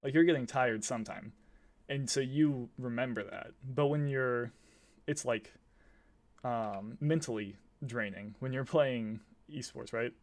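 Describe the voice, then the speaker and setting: A young man chats on a podcast, explaining his ideas with lively energy and breaking into laughs. His pitch sits in an ordinary middle range. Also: a little slow. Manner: animated, laughs while explaining. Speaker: podcast co-host. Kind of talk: casual chat.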